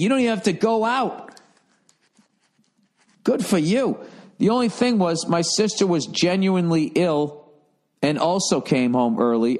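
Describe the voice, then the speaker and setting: A middle-aged man hosting a comedy advice podcast, reading listener letters and riffing loudly with profanity. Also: on the high side. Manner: loud, profane, animated riffing with mocking put-on voices. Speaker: podcast host giving advice.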